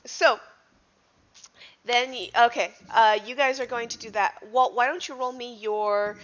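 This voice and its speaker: Woman, game master, tabletop role-play narration, bright tone, slightly high, easygoing, dull lo-fi audio. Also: steady tone, unhurried. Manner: easygoing, laughs along with players.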